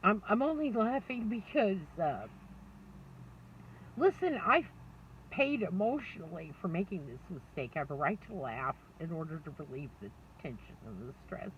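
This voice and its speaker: Speaking in a fairly low, very animated voice at a moderate pace, a middle-aged vlogger talks openly to camera, rambling, laughing a lot and mocking herself. It's a candid personal monologue, captured from a distance on a dull lo-fi mic with some faint noise.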